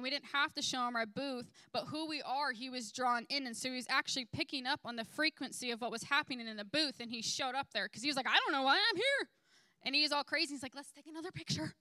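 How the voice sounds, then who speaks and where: Bright-voiced young woman telling a story. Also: sits high, clean tone, no echo. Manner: animated storytelling with quoted voices and many "like"s. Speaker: church member giving testimony. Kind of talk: casual spoken testimony.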